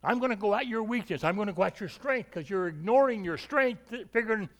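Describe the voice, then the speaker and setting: Preacher dude doing a sly devil guy, fast and taunty, pitched up. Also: expressive. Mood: taunting. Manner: taunting, rapid threats. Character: scheming male devil, cunning and relentless.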